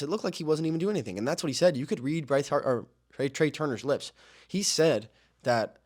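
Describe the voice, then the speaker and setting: A young man hosting a sports podcast, talking casually and excitedly about baseball, rambling and repeating phrases as he goes. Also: fairly high pitch, a little fast.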